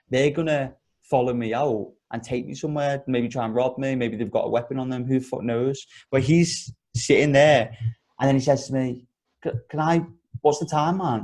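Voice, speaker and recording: Casual male podcast host, young adult, lively and profane storyteller. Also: mid-range voice. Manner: animated storyteller, swears a lot.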